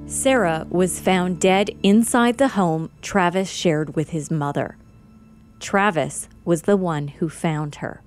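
A woman host giving scripted true-crime narration in a measured, sober way. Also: fairly low pitch, darkish tone, soft background music.

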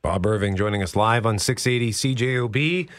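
A man's voice: fairly low pitch, a little fast, smooth. A man hosting morning radio in a playful, chatty way. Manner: lively, playful host. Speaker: radio host.

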